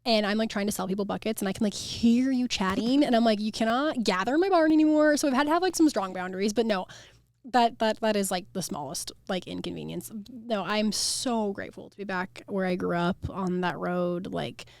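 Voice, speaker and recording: A woman's voice: mid-range voice, a little fast, creaky, dry recording. A young woman who owns a flower farm, talking in a casual, chatty podcast interview and saying "like" a lot. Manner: chatty, heavy use of "like".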